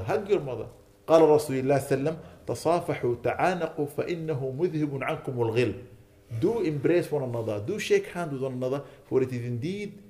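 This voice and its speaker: A man's voice: medium pitch, warm tone. A man giving an earnest sermon, pleading with his listeners and rising to indignant emphasis. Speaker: imam.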